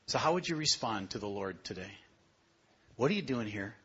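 A man preaching a sermon with a husky, slightly breathy voice. He puts questions straight to his listeners, building to emphatic high points before sinking to a hush. The recording is dull and lo-fi. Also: animated, normal speed. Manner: rises to emphatic peaks, then drops low and quiet; asks the congregation direct questions.

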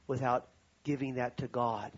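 Husky-voiced man preaching a sermon. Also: mid-range voice, fairly even intonation, normal speed, dull audio. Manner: storytelling, rising to fervent preaching. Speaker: pastor.

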